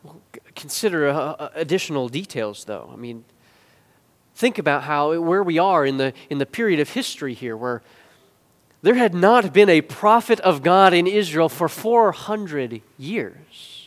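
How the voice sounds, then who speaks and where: A man preaching a sermon, building from quiet explanation to loud, emphatic peaks and back to hushed asides. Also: on the high side, expressive, measured pace, long reverb tail. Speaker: pastor.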